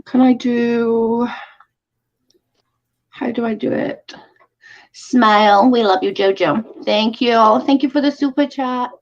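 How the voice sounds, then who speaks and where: A woman's voice: fairly high pitch, takes it slowly, pauses often. A woman hosting a casual commentary stream, exasperated and emphatic, repeating her points. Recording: dull lo-fi stream audio.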